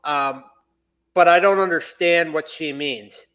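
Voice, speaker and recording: A man's voice: a little high, slow pace, fairly bright tone, clean tone. A man co-hosting a podcast in casual chat, hesitant and full of "um"s. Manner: hesitant, with many "um"s and restarts. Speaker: podcast co-host.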